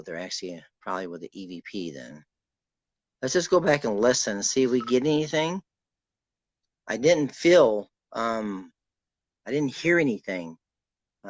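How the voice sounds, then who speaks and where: A man acting as a spirit medium, guiding a sitter and calling out to spirits in a soft, reassuring way. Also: on the low side, no echo. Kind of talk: guided spirit session.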